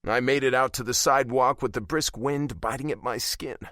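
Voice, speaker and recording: A man narrating a romance audiobook in the first person, with expressive, self-deprecating storytelling. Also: medium pitch, a little fast, no echo, studio quality.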